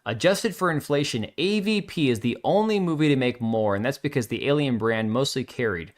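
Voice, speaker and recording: A man with a medium-pitched voice hosts a livestream in a loose, casual way. He reads viewer comments aloud and answers them with blunt, sarcastic asides. His delivery is offhand and unscripted. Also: expressive, fairly quick. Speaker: livestream host.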